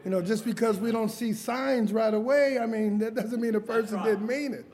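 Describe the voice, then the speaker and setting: High-voiced man preaching a lively testimony. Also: normal speed. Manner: lively storytelling, chuckles often, calls for amens. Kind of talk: sermon testimony.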